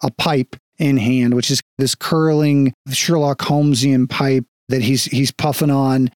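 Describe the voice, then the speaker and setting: A man narrating as game master of a tabletop game, relaxed and descriptive. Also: medium pitch, a little slow, dry recording, studio quality. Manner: relaxed, descriptive, with small restarts.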